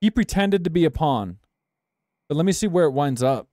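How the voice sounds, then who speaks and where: This is casual gameplay commentary from a young streamer who curses in frustration while talking with viewers. His somewhat high, darkish voice is expressive and moves at a normal speed. The recording is studio quality, with no room sound.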